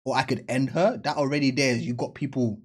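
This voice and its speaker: A man comments casually on a clip he is watching, hammering his points home with slang and repetition. His voice is husky and sits in an ordinary middle pitch. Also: fairly even intonation, fairly quick. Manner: emphatic, repeats himself, slangy. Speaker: reaction channel host.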